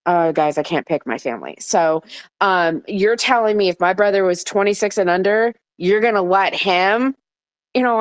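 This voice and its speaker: A woman's voice: mid-range voice, moderate pace, clear, resonant tone, no echo. A woman hosting an online audio chat room, talking bluntly and heatedly in a casual way and swearing often.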